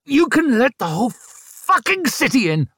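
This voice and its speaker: A man's voice: extremely high pitch, very animated, slow, bright, forceful tone, slightly rough, no room sound, clean studio sound, pitched above the performer's own voice, heavily acted. A male narrator voicing a furious young noblewoman in labour, snarling and screaming curses.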